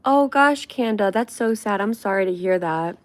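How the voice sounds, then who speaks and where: A woman's voice: mid-range voice, lively intonation, moderate pace. A young woman hosting a casual livestream, chatting in a rambling way with frequent fillers and laughs. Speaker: livestream host.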